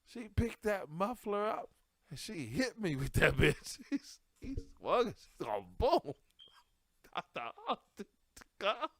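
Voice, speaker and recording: A man telling a comic story from his childhood, animated and profane, laughing through it and swinging between loud bursts and hushed asides. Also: high-pitched, takes it slowly, dry recording. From Detroit area. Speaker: comedian podcast host.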